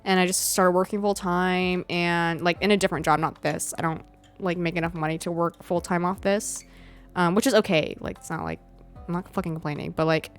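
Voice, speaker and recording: A woman's voice: fairly low pitch, brisk, soft background music. A young American woman streaming, chatting casually with her live chat, laughing often and swearing freely.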